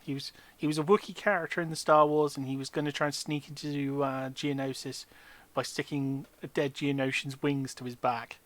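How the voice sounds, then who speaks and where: A man's voice: medium pitch, flat delivery, moderate pace, fairly bright tone. A man acting as dungeon master, chatting casually and telling jokey, rambling stories between game turns. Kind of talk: casual chat while running a tabletop game.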